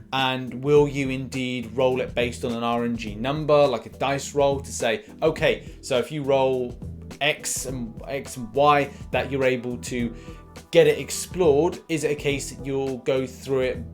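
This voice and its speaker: A man hosting a casual game news vlog, talking in a chatty, rambling way with frequent restarts. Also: mid-range voice. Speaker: mobile game news host.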